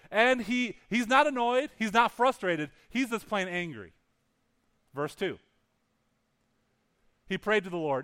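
A man's voice: high voice, animated, normal speed, long pauses, a bit bright. A male pastor preaching a sermon, telling a story with lots of animation and acting out the characters' lines, often restarting and repeating words.

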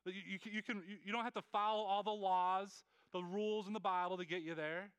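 A man with a high, bright voice preaches a sermon, pleading earnestly and stumbling through quick restarts and repeated words. His tone is smooth and clear, recorded close and dry. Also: steady tone, no echo. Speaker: pastor.

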